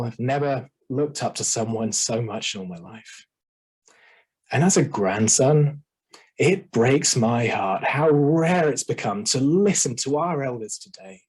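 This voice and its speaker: Male contest speaker, husky mid-pitched voice, deliberate oratory with pauses, video-call sound. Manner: measured, oratorical, dramatic pauses. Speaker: speech contestant. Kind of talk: competition speech.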